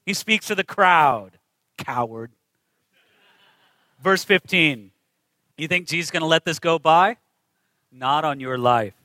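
Guy preaching a sermon, really bright sharp tone, punchy and emphatic, keeps asking the crowd questions. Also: on the high side, normal speed, dry recording, poor audio. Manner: emphatic, rhetorical questions to the congregation.

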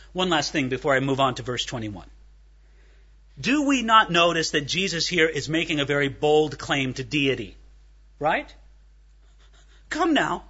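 A man's voice: on the high side, fairly bright tone, highs cut off. A man preaching a verse-by-verse sermon, telling stories and asking his listeners rhetorical questions. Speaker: pastor. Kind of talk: expository sermon.

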